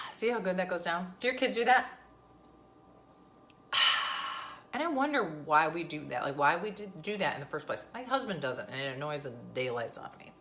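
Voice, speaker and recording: A woman's voice: sits low, pushed and bright. A woman, talking casually and sarcastically to camera as a vlogger. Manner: chatty, sarcastic, venting.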